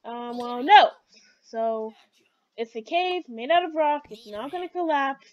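A woman giving chatty, excitable commentary while playing a game, talking back to it as she goes. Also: high voice, a little slow, no room sound, lo-fi sound. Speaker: let's play gamer.

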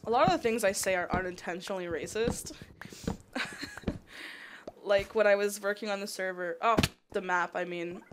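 While playing a modded block game on a livestream, a woman from Canada chats and rambles, leaning heavily on "like." She talks at a moderate pace in a mid-range voice, pausing often, over a noisy home setup full of mouse clicks.

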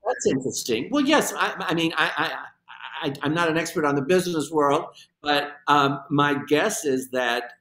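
A man being interviewed as a director, answering in a measured, thoughtful way with some hesitant restarts. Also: on the high side, expressive, pushed and bright. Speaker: guest, director. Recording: roomy echoey sound.

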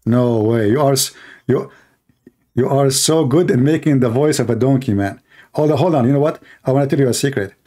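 A man's voice: mid-range voice, dark tone. A man hosting a live call-in stream, mocking and repeating his phrases as he talks to callers and the audience.

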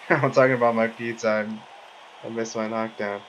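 A man's voice: fairly low pitch, little pitch movement, normal speed, dull audio, noisy background. A man casually chatting as he plays a VR boxing game and eats pizza, easygoing and full of fillers. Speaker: gaming vlogger. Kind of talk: casual commentary over VR boxing.

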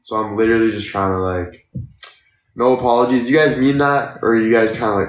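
In an echoey room, a livestreamer in his twenties talks briskly in a steady, mid-range voice. He's tired and sore, chatting casually and expressing thanks for gifts from viewers.

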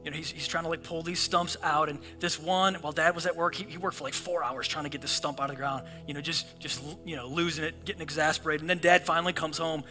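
A male pastor preaching a sermon in a church auditorium, animated and acting out the voices of the people in his stories. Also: on the high side, fast, hardly any pauses, over music. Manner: animated, acts out voices in scripture and prayers.

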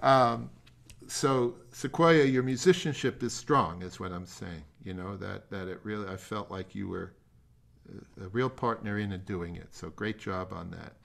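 An older man leading a remote music masterclass over a video call, giving feedback in a halting, rambling way with self-deprecating jokes. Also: fairly low pitch, creaky, fairly bright tone, slight background noise.

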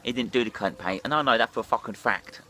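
A man's voice: medium pitch, fast, sharp tone. A hungover man, ranting and swearing bluntly in a rambling vlog monologue while drinking. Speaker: drinking vlogger.

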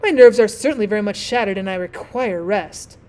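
A woman's voice: mid-range voice, brisk, darkish tone, close to an everyday voice. Woman voicing a pompous conceited rocket. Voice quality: haughty, self-important.

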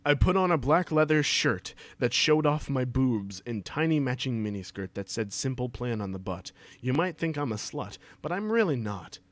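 A man's voice: mid-range voice, expressive, moderate pace, hardly any pauses, no echo. A man reading a story aloud for laughs, breaking off for mocking asides and laughing a lot. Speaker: reader. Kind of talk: comedic dramatic reading with asides.

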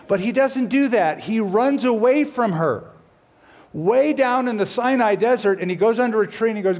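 Man preaching, middle-aged, fairly high voice, animated storyteller, dramatic swings when quoting characters. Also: normal speed. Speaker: pastor. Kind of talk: sermon.

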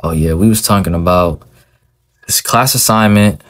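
A man voicing a fourteen-year-old boy in an amateur animated role-play, talking in casual street slang. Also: sits low, moderate pace. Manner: casual slang-heavy teen talk.

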